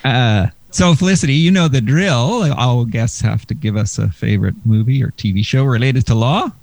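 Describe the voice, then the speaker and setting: A man's voice: mid-range voice, moderate pace, vocal fry, a little mellow, dry recording. A man hosting a casual podcast as a law professor, joking and laughing often.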